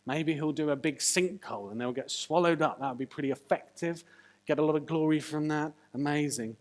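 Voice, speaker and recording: A preacher giving a sermon, animated and full of jokey asides and rhetorical questions. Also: mid-range voice, brisk.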